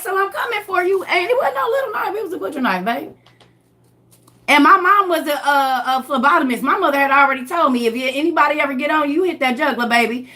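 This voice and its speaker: A woman telling viewers a personal story in casual, animated, emphatic speech full of slang. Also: very high voice.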